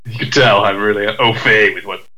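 Guy rambling on a chat show, bright tone, lots of ums and restarts. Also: on the low side, steady tone, a little fast, poor audio. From United Kingdom. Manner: rambling, self-deprecating, lots of fillers and restarts. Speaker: podcast co-host. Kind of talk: casual chat.

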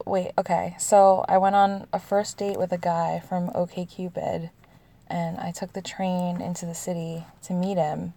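A dark-toned, lowish voice in a dry recording belongs to a US woman in her thirties. Answering questions, she tells casual, confessional personal stories, chatty and quick to laugh, with "like" peppered throughout.

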